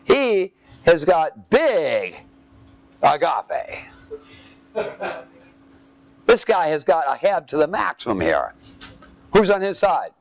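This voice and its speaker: A man's voice: on the high side, huge pitch swings, slow, pauses often. Man, preacher, sermon, scripture reading, fill-in-the-blank questions to listeners. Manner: reads scripture aloud, then comments.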